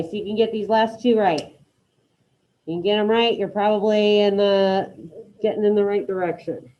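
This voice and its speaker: A woman's voice: mid-range voice, fairly even intonation, normal speed, dark tone, dull audio. A woman teaching an online Spanish class, encouraging her students and calling on them by name.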